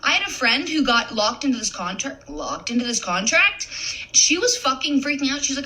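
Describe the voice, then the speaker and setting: A woman's voice: high voice, big pitch swings, moderate pace, pushed and bright, rough recording. A young woman in a casual, profane rant, blunt and swearing often, laughing as she talks. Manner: blunt, swears a lot, laughs mid-sentence. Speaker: content creator.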